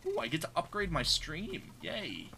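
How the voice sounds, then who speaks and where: A man's voice: on the high side, wildly swooping pitch, moderate pace, gravelly, sharp tone, slight background noise. A man streaming a game live, chatting casually, reacting aloud and greeting viewers in chat. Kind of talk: live gameplay commentary.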